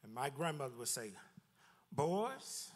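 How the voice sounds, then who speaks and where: Pastor guy preaching, high voice, lots of echo hanging in the church, repeats himself and dips way down. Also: normal speed. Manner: lively preaching with repeated words and sudden drops in pitch. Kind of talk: sermon. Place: church sanctuary.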